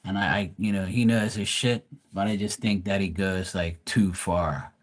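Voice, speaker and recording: A man's voice: sits low, fairly even intonation, moderate pace. A man chatting casually on a livestream, blunt and profane, rambling with frequent restarts. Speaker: live stream host.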